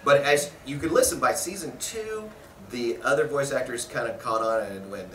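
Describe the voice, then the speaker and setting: A man, a voice actor, telling stories casually in a convention press interview, animated and often laughing. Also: medium pitch, normal speed, a little hiss or hum. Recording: roomy echo, mic at a distance.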